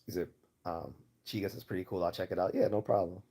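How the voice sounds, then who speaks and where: A man's voice: sits low, steady tone, fast, warm tone, slightly rough. A man with a Baltimore accent hosting a livestream Q&A, answering viewer questions in a rambling, casual way with many fillers and restarts. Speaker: livestream host.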